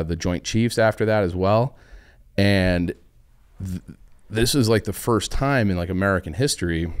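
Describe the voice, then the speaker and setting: A man's voice: sits low, smooth. A young man casually explaining history on a podcast, rambling with lots of fillers and loose quotes. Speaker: podcast guest.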